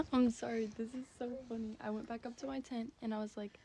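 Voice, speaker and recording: A woman's voice: fairly high pitch, background noise. A woman of about twenty, a stay-at-home mom, telling a casual storytime in a giggly, chatty way full of fillers.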